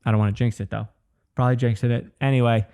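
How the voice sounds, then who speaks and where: Twenties male comic, solo podcast ramble, mellow low-key tone, profane and loose. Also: flat delivery, fast, smooth. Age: 20s. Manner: rambling, profane, says "dude" often. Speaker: comedian and podcast host. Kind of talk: casual solo podcast monologue.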